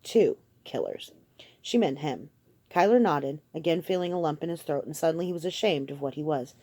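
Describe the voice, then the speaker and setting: Low, mellow woman reading an audiobook. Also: no echo. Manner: steady, measured storytelling. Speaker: audiobook narrator.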